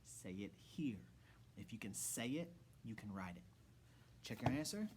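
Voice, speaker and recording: A man's voice: on the low side, expressive, normal speed, long pauses, a little hiss or hum. A man who is a music teacher, giving a rhythm lesson to children in an encouraging way and chanting rhythm syllables.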